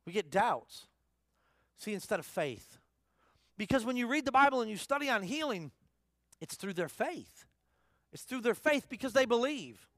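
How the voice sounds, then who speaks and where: A man's voice: very high-pitched, very animated, moderate pace, a bit bright, no room sound, studio quality. A man preaching a sermon in a church service, talking conversationally, asking the congregation questions and repeating his key phrases. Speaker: pastor.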